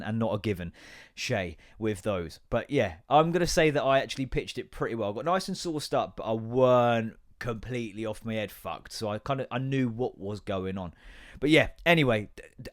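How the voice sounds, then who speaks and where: A man in his thirties hosting a podcast, rambling through a sweary, self-mocking comic rant. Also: medium pitch. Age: 30s. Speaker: podcast host. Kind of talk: solo comedic rant.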